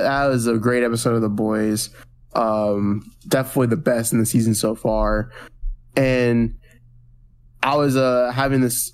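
A man co-hosting a casual pop-culture podcast, recapping a TV episode in a rambling way with many restarts and quick acted-out quotes. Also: lowish voice. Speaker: podcast co-host.

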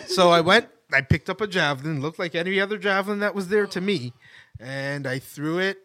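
A man's voice: high-pitched, a little fast, bright, forceful tone. A young man, an old friend of the host, telling stories against himself with chuckles in a casual chat. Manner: self-mocking, chuckling storyteller. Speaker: podcast guest, old friend.

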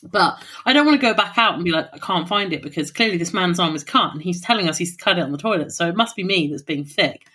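Animated woman telling stories. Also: on the low side, fast talker, few pauses, breathy edge. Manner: animated storytelling, swears freely. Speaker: podcast co-host. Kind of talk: casual chat.

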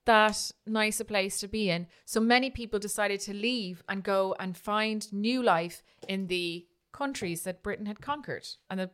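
A woman's voice: medium pitch, unhurried, few pauses, fairly bright tone, clear, resonant tone. A woman co-hosting a podcast, telling a history story in a chatty way, often restarting and tagging lines with "right?". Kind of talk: casual storytelling chat.

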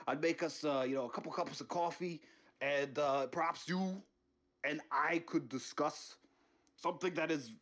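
A man's voice: a little high, moderate pace, lightly acted. A man voicing a grumbling older male politician who sneaks into a house, muttering and swearing under his breath. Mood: pleading. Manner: hushed muttering, cranky swearing. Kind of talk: comedy sketch impression.

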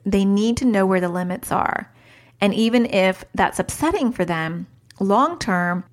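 A woman in her thirties hosting a parenting podcast, talking casually, chatty and self-mocking, mixing advice with stories from home, into a studio mic. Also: mid-range voice. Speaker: podcast host and parenting coach.

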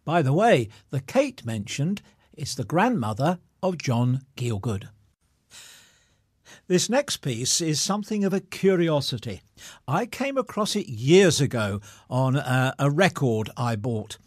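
A man presenting between readings, in a lively and wry storytelling way. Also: mid-range voice, unhurried, husky, no echo, studio quality.

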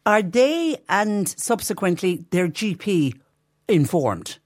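Woman, radio host, chatty, reads listener texts, mid pitch, dry studio mic. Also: very animated, slow pace, no room sound. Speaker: radio presenter. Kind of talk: local radio phone-in chat. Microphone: studio microphone.

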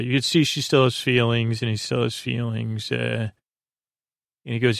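Gravelly man casually recapping an episode. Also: medium pitch, level tone, moderate pace, dry recording, clean studio sound. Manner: retells scenes with quoted lines and many "uh" fillers. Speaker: podcast host.

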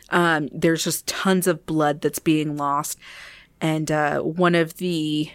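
A woman narrating a tabletop game as game master, casual with many fillers and slowing on details. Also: deep voice, fairly bright tone, clear, resonant tone, no room sound, studio quality.

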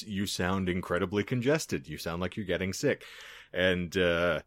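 A very low-voiced man chats loosely on a podcast, trading crude jokes and laughing easily. He sounds slightly congested from a cold he is still getting over. The recording is dry and close. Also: normal speed, a bit bright, no echo. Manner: rambling, crude joking, easy laughs. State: recovering from a cold, a little congested. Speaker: podcast co-host. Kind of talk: casual chat.

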